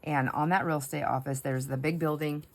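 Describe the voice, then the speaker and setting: A woman's voice: sits low, fairly even intonation, brisk, a little hiss or hum. A middle-aged woman chatting casually while she crafts, telling stories with frequent laughter and asides to her viewers. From United States. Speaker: craft vlogger.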